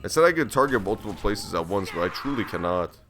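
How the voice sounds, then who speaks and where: Lively, joking man streaming a game. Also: on the low side, fast, faint music behind. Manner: joking, profane, reacting aloud to the game. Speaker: let's play streamer. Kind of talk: casual gameplay commentary.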